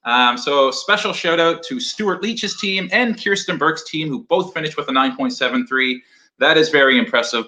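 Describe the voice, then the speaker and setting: Upbeat man with a bright voice. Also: on the high side, normal speed. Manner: jokey, upbeat, loose with fillers. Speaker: awards co-host. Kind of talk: casual virtual award show. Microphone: video call.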